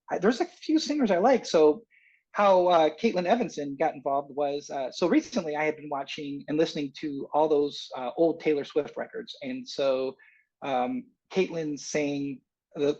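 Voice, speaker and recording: Rambling, animated man telling a story. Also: fairly high pitch, breathy edge, dull audio. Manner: rambling and animated, with many restarts and fillers. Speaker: singer-songwriter guest. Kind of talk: casual storytelling interview.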